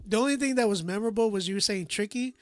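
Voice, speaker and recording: A man's voice: high-pitched, racing, faint music behind. A man reviewing listeners' songs live on a stream. He talks in a loose, slangy way, laughs often and trails off with "like". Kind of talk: casual live-stream chat.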